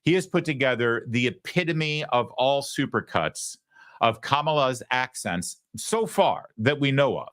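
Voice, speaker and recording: A man hosting a political talk show, giving mocking, animated commentary. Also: medium pitch, measured pace, no echo, clean studio sound.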